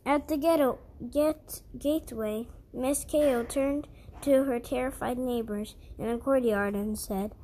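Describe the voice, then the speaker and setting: A woman's voice: high-pitched, unhurried, dark tone, poor audio. A woman reading a historical Christian story aloud in an earnest way, often stumbling over words and correcting herself.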